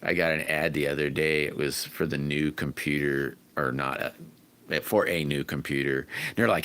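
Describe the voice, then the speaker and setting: A man hosting a casual livestream, chatting to viewers and greeting them by name in a rambling, friendly way, sometimes whooping loudly. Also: rumbling low, steady tone, moderate pace. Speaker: livestream host. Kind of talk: casual livestream chat reading viewer comments.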